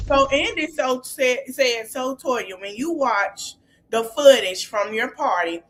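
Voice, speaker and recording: A woman's voice: high-pitched, unhurried, background noise. A woman hosting a podcast, casually recapping a reality show reunion and animatedly acting out what the cast said. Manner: animated retelling, acting out quotes with exclamations. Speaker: podcast host.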